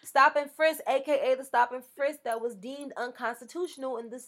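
A woman's voice: high-pitched, fairly even intonation, brisk, fairly bright tone, a little hiss or hum. A tipsy woman co-hosting a podcast, ranting sarcastically and profanely in casual political chat. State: tipsy from drinks. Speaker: podcast co-host.

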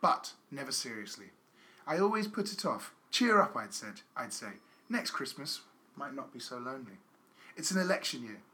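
A man's voice: medium pitch, very animated, moderate pace, bright, forceful tone. A man hosting a comedy podcast, bantering with guests and reading a letter aloud in a mock-solemn tone. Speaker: podcast host.

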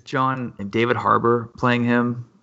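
Gravelly laid-back man, lo-fi. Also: medium pitch, level tone, a little slow, bright, forceful tone. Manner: laid-back, rambling with fillers and laughs. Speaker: comic creator guest. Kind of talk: casual podcast chat. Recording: dull lo-fi podcast audio.

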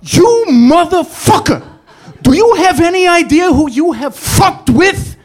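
A storyteller voicing an angry small-time mobster who owns a parking garage, shouting curses down the phone. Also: very high voice, animated, measured pace, pitched above the performer's own voice. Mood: enraged.

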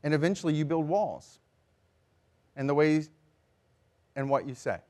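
Lively preaching man, fairly high voice. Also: a little slow. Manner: lively, mimics passive-aggressive remarks in a high voice. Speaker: pastor. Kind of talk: sermon.

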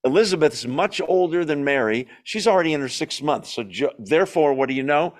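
A man leading a Bible study, reading scripture aloud and commenting in a lively, emphatic way, often asking the group questions and answering them himself. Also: a little high, fairly quick. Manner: emphatic, opinionated asides.

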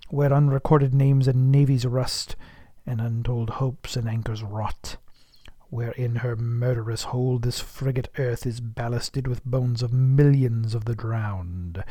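A man voicing an obsessed old sea captain in an audiobook, muttering low and solemnly. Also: fairly even intonation, a little slow, dark tone, dry recording, close to an everyday voice. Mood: solemn brooding.

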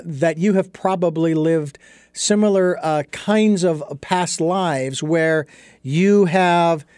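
A man's voice: on the high side, a little mellow, smooth, dry recording, clean studio sound. A man as an interview guest, telling a story and explaining his ideas in an earnest, thoughtful way. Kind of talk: reflective storytelling in conversation.

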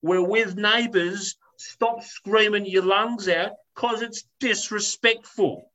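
A man with a high-pitched voice rants through a story in casual podcast chat. He swears freely and slips into voices for the people he describes. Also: slow pace, dull audio. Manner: animated ranting, swears, acts out voices.

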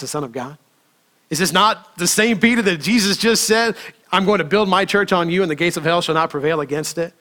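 Male pastor, slightly high bright voice, lively preaching with rhetorical questions. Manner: animated, rhetorical questions, dramatic quoted dialogue. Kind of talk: sermon.

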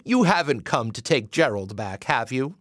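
A man's voice: mid-range voice, very animated, normal speed, a bit bright, no echo, studio quality. A man voicing a gray-haired mother who gushes frantic, breathless thanks. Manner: breathless, gushing, tearful thanks.

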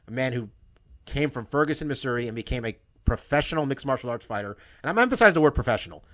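Emphatic, swearing podcast host. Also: male voice, mid-range voice, animated, fast, a bit bright. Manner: emphatic, profane, with many restarts. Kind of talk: heated podcast monologue.

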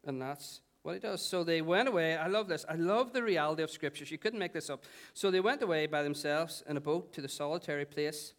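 A man's voice: a little high, fairly quick, hardly any pauses, fairly bright tone. A man with a Northern Irish accent preaching a sermon in a church, playful and joking with the congregation. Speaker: pastor. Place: church hall.

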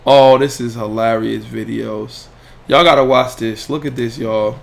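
A man's voice: mid-range voice, unhurried, creaky. A man hosting a casual sports podcast livestream, talking trash in a loose, profane way and addressing viewers directly. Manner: animated, profane trash talk; banters with viewers and chats directly to them. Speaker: podcast host.

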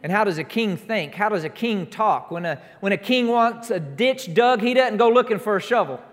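During a church service, a man preaches emphatically, piling up repeated declarations that rise into shouts. His voice is high-pitched and animated at a normal speed, and the recording carries the long reverb of a large hall.

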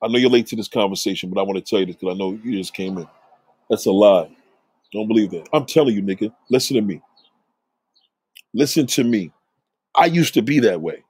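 A man's voice: lowish voice, fairly quick, pauses often, darkish tone, husky, no room sound. A man hosting a livestream, reading chat comments aloud and ranting at them in a preachy, profane, confrontational way.

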